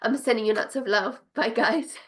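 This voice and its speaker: A woman's voice: on the high side, moderate pace. A woman business coach speaking straight to her viewers, gushing and emphatic, repeating her phrases to drive them home. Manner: bursts of excited laughter. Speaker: business coach for spiritual entrepreneurs. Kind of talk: direct-to-camera pitch.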